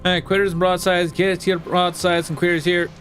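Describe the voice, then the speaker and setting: Chirpy street story vendor read by a man, high hawker's patter for a game. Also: flat delivery, a little fast, a bit bright, soft background music.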